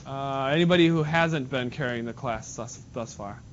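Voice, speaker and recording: A man's voice: mid-range voice, normal speed. A male math teacher leading a classroom lesson, casual and joking, calling on students by name. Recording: dull lo-fi classroom recording with faint noise.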